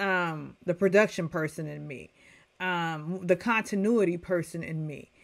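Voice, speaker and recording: A middle-aged woman reviewing a TV episode in a casual rant, chatty and animated as she talks straight to her viewers. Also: fairly low pitch, measured pace, creaky. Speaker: TV recap reviewer.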